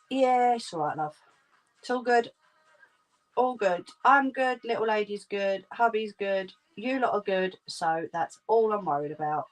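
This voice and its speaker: A woman hosting a crafting livestream from a room at home, chatting casually and reassuring her viewers. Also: medium pitch. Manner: reassuring, homely, calls viewers "love". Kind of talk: casual chat while crocheting, answering viewers' comments.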